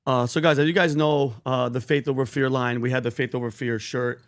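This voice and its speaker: A man co-hosting a podcast, talking casually and slipping into animated, preachy storytelling. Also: mid-range voice, brisk. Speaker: podcast co-host.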